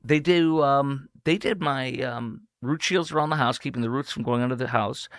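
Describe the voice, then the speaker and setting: A man's voice: mid-range voice, moderate pace, no room sound, studio quality. A male radio talk show host delivering an opinionated, combative monologue with ad reads, speeding up in emphatic bursts.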